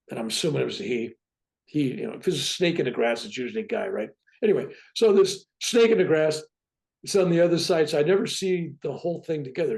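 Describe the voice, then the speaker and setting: A man in his seventies, a guest on a talk show, telling his own story in a lively way and often asking "right?". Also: mid-range voice, vocal fry. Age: 70s. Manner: lively, keeps tagging "right?" onto his points. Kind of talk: animated personal storytelling.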